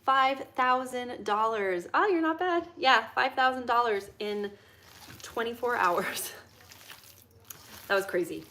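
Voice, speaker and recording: A woman's voice: a little high, a little slow, long pauses, sharp tone. A young woman hosting a livestream, chatting casually with viewers while she cooks in her kitchen and reads out chat questions. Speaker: livestream host. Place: home kitchen.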